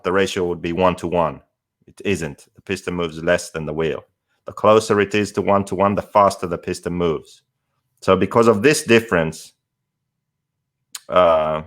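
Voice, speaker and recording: A man with a very low voice talks on a casual podcast. He lays out technical details methodically, one step at a time, in a relaxed chat style. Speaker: podcast co-host and expert.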